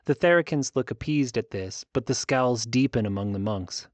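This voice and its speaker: A man narrating a fantasy audiobook in the first person, in a steady, even storytelling manner. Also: medium pitch, moderate pace, hardly any pauses, dry recording.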